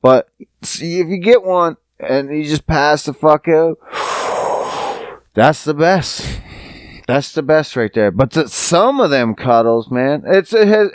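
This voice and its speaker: A man's voice: high-pitched, no echo. A man hosting a podcast who talks to his listeners in a casual, rambling monologue, swearing freely and joking. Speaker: podcast host.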